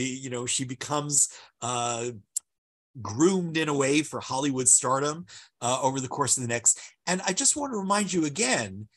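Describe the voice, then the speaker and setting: Male lecturer, fairly high husky voice, emphatic and discursive, walks through slides. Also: fairly bright tone. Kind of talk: illustrated lecture talking over slides.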